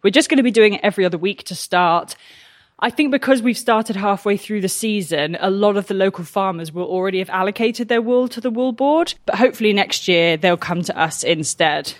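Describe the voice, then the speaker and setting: A woman's voice: mid-range voice, a little fast, dry recording, studio quality. Chatty woman vlogging. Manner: chatty, rambling, self-mocking. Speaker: farmer and vlogger. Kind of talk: casual vlog narration. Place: farmyard outdoors.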